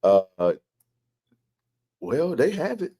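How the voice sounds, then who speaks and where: A man's voice: fairly high pitch, sing-song, slow, dark tone, husky. A man hosting a live sports chat stream, joking loosely and greeting viewers by name.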